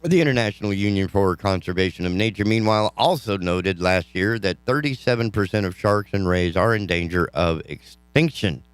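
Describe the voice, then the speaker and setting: A man's voice: low voice, normal speed, hardly any pauses, smooth, dry recording. A man hosting a talk show, reading news stories and adding sarcastic, ranting asides. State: yawning, tired. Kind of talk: casual news commentary.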